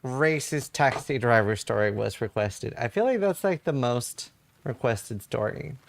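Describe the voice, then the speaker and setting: Gravelly Norwegian man telling a story. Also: mid-range voice, measured pace. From Norway. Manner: rambling, animated anecdote with filler words. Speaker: streamer. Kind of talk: casual storytelling while gaming.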